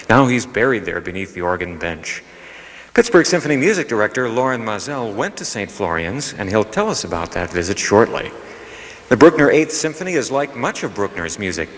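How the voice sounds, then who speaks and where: A man hosting a classical radio program, slightly out of breath, talking with lively enthusiasm. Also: on the low side. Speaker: radio host. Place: cathedral organ loft. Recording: long cathedral reverb.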